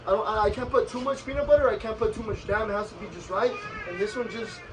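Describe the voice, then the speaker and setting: High voiced guy talking fast, flips between english and spanish, a bit far from the mic. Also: noisy background. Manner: code-switching between English and Spanish, lively retelling with acted quotes. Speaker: vlogger. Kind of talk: casual storytelling chat.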